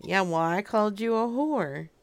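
A woman's voice: medium pitch, animated, moderate pace, no echo. A woman hosting a podcast, making crude, sassy prank phone calls and laughing often. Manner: sassy, brash, laughs a lot. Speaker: prank-calling podcast host.

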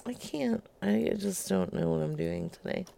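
A woman co-hosting a casual show, making calls to strangers, talking slowly and giggling often between halting lines. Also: on the low side, gravelly, warm tone, slight background noise. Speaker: co-host making prank-style phone calls. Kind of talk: casual chat on a live call-in stream.

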